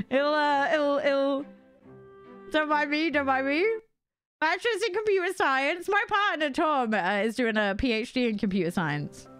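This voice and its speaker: A young British woman streams a cozy game, chatting casually with viewers and reading their messages in a giggly, self-deprecating way. Her voice sits high with a fairly bright tone, and she speaks at a measured pace with long pauses over soft background music.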